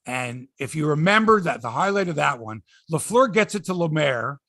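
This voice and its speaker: A middle-aged man hosts a sports chat with excitable, animated storytelling. His voice sits high and swings widely, with a raspy, gravelly edge. The sound is dry and close. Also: normal speed, no room sound. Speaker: sports podcast host.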